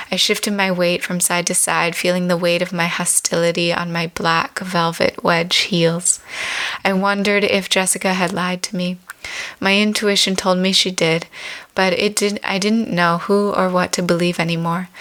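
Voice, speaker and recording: A woman in her twenties reading her own memoir aloud in a measured, reflective way. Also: on the low side, a bit bright.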